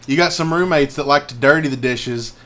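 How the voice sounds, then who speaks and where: Young male co-host, loose and jokey, mid-pitched, faint room hum. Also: sharp tone. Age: young adult. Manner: joking, rambling, quick to laugh. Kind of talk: casual chat.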